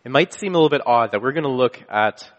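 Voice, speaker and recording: A man's voice: mid-range voice, animated, quick pace. A man preaching a sermon, telling a personal story in a casual, conversational way and often restarting his phrases. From Canada. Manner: casual storytelling with frequent restarts and self-corrections. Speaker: pastor. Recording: long hall reverb.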